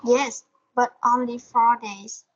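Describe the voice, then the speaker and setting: A fairly high-voiced woman with a Vietnamese accent works slowly through English exercises, hesitant and careful with each word. Her voice is slightly husky and comes through a muffled, lo-fi online call. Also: steady tone. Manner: hesitant, careful, repeating after the teacher. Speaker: English student. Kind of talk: reading exercise answers aloud.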